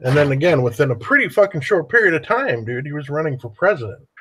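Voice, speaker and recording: A man's voice: on the high side, very animated, fast talker, a bit bright, slight background noise. A man chatting casually on a podcast, rambling and swearing freely, tagging "dude" onto his sentences. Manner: profane, rambling, drops "dude" often. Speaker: podcast host. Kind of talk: casual political chat.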